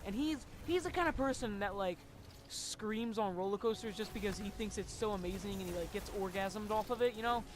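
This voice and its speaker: A casual storyteller rambles through a story time over gameplay, leaning on constant fillers and dropping the odd swear word. The voice sits at a middling pitch, with a faint hiss of noise underneath. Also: fairly quick.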